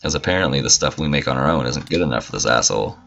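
A man's voice: rumbling low, lively intonation, rapid-fire, vocal fry, fairly bright tone, highs cut off. A man casually commentating a gameplay video, swearing freely and making mock-indignant asides. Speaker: gamer. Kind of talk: casual let's-play commentary.

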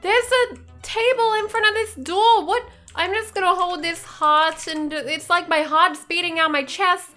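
High, bright-voiced excitable woman gamer. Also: a little slow, hardly any pauses, soft background music. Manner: excitable, gasping, scared-sounding play. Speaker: gaming YouTuber. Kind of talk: role-playing while playing a game.

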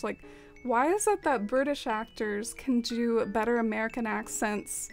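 A young woman streamer with a slightly high voice, chatting softly and loosely with her viewers as she plays. She rambles, leans on fillers and lets her thoughts trail off. Faint game music plays quietly behind her. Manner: soft-spoken and rambling, many fillers and trailing off. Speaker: live streamer. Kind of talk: casual stream chat while playing a game.

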